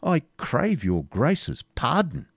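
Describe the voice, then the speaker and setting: A man's voice: medium pitch, huge pitch swings, slow pace, slightly rough, dry recording, studio quality, pitched above the performer's own voice, full character voice. A man voicing a scheming courtly counsellor. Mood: urgent, persuasive. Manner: formal old-fashioned courtly speech. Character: scheming adult male royal counsellor, cool and calculating. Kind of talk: audiobook character reading.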